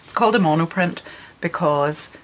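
Low-voiced Scottish woman teaching art. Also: normal speed, a little hiss or hum, poor audio. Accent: Scottish with a Northern Irish lilt. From Scotland. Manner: friendly, explanatory, with frequent ums. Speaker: artist leading a workshop. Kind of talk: instructional video workshop.

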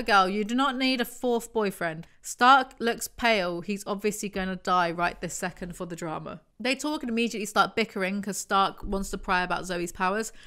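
A woman reads book passages aloud in an even voice pitched in the middle of her range, then drops into sarcastic commentary. Her asides are wry and snarky, like a reviewer roasting the story as she goes.

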